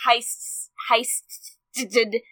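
A woman's voice: on the high side, flat delivery, drawn-out words, sharp tone, low-quality recording. A woman hosting a casual podcast chat, playful and teasing, laughing often. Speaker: podcast host.

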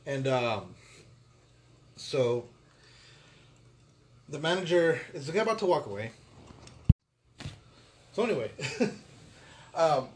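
Animated storytelling man, slightly high voice. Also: slow pace, pauses often, slight background noise. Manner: animated storyteller, acts out quotes, laughs often. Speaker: podcast co-host. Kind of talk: casual chat, storytelling.

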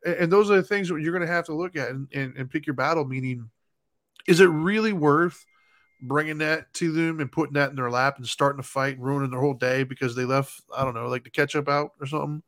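Casting: thirties male co-host, thoughtful and talkative, slightly raised pitch, dry close mic. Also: quick pace, fairly bright tone, dry recording. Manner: reflective, explains in long run-on sentences. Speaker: podcast co-host. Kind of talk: casual chat.

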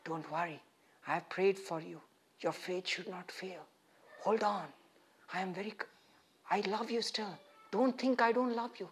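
A man voicing a hushed, tender Jesus. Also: high voice, moderate pace, pauses often, slight background noise, voice pushed down. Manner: soft, hushed and pleading. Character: gentle consoling male Jesus, tender and forgiving.

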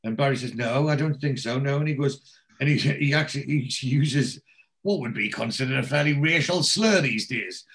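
Male host, mid-pitched voice, casual recap, quotes characters' lines, lots of ums and restarts. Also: normal speed, a bit bright. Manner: retells scenes by quoting characters' lines, with frequent ums and restarts.

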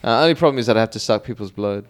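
A man's voice: fairly low pitch, racing. A man chatting casually about a film, swearing freely. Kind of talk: casual film review chat.

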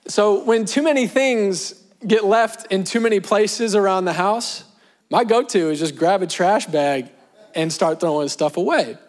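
A man's voice: sits high, a little slow. A young adult man preaching a sermon, talking in a conversational way with emphatic repeated phrases. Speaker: pastor.

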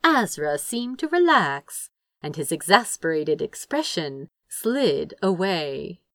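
Slow, expressive woman narrator. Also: on the low side, no room sound, studio quality. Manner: expressive, measured storytelling. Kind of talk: audiobook narration.

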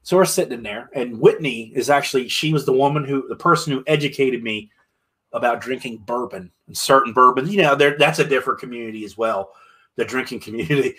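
A man's voice: mid-range voice, quick pace, bright, forceful tone. A man from Pennsylvania, a musician telling road stories in a casual, rambling way with many restarts. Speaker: musician guest. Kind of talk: casual storytelling.

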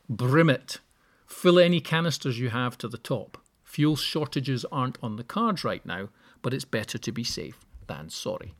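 A man hosting a solo podcast, giving practical tips with wry, joking asides. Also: mid-range voice. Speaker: podcast host. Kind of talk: solo podcast advice talk.

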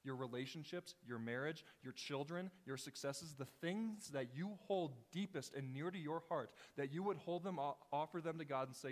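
A male pastor preaching a sermon with passion, firing rhetorical questions and swinging between hushed and loud. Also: a little high, normal speed, hardly any pauses. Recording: long reverb in a large hall.

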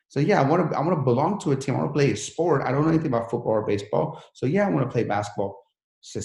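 A man's voice: mid-range voice, racing, vocal fry, a little mellow, reverberant. A man who came to the country as a refugee, telling his life story in an interview in an earnest, motivational way. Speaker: guest.

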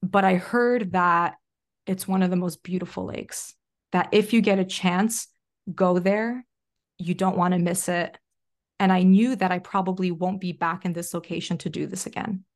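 A young adult woman, a podcast guest, telling a personal story in a chatty way, full of "like" fillers. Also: medium pitch. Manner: chatty, frequent "like" fillers, animated retelling. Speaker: podcast guest, self-leadership coach. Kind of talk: casual interview storytelling.

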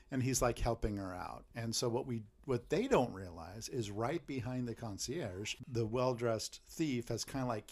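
Male podcast co-host, mid-pitch, chatty and animated while retelling a film plot. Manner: animated retelling, acting out characters' lines. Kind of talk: casual movie recap.

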